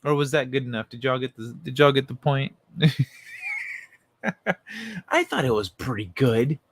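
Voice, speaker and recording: A man's voice: medium pitch, animated, moderate pace, dry recording. A man from Central America hosting a livestream, chatting casually and laid-back with viewers, often chuckling and swearing. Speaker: livestream host.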